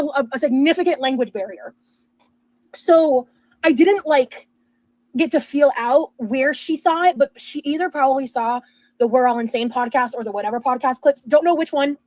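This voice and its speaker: A woman's voice: high voice, brisk, darkish tone, no echo, poor audio. A young woman telling a rambling personal story in casual chat, with lots of fillers and restarts. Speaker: streamer and podcast host.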